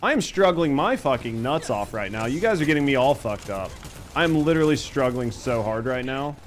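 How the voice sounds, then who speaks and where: A man's voice: medium pitch, expressive, moderate pace, slight background noise. Profane joking male game streamer. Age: 30s. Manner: profane, joking, reads chat aloud while playing. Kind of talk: casual gaming stream chat.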